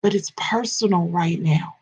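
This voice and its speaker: A woman's voice: fairly low pitch, unhurried, a little mellow, slightly rough. A woman coaching and ministering in a live morning devotional, addressing her listeners directly, with repetition and stammered restarts.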